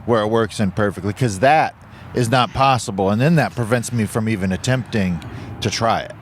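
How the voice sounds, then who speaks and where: Laughing self-deprecating co-host. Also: male voice, on the low side, brisk, slight background noise. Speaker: podcast co-host and comedian. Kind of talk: casual comedic chat.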